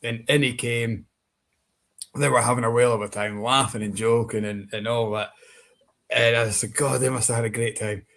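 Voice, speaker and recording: A man's voice: mid-range voice, fairly even intonation, normal speed, gravelly, a bit bright. A man co-hosting a podcast, telling easygoing stories in casual chat. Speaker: co-host.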